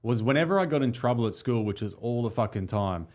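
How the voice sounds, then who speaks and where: A man's voice: medium pitch, expressive, quick pace, darkish tone. Blunt man in podcast banter. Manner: blunt, profane storytelling. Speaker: comedian guest.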